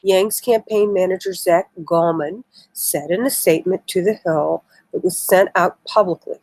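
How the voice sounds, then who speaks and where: A woman's voice: on the low side, normal speed, hardly any pauses, a little mellow, no echo, poor audio. A woman hosting a casual political live stream, reading news articles aloud with indignant, emotional asides. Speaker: political livestream host.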